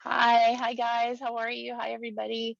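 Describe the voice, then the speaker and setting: A woman's voice: medium pitch, normal speed, a bit bright, dry recording. A woman speaks up on a video call, chatty and a little unsure, circling back over her words as she goes. The sound is dry and dull, with no room around it. It carries the lo-fi feel of call audio. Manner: chatty and hesitant, many restarts. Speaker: participant, caregiver. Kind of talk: casual video-call chat.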